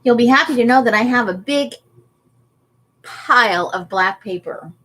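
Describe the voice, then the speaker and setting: A woman's voice: fairly high pitch, animated, normal speed, a bit bright, a little hiss or hum. Chatty woman hosting a craft livestream. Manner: chatty, laughs often, reads and answers viewer comments. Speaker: livestream host. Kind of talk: casual livestream chat.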